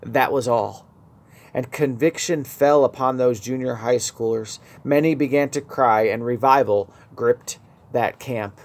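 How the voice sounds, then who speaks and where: A man's voice: mid-range voice, measured pace. A man preaching a radio sermon, earnest and building to emphatic peaks.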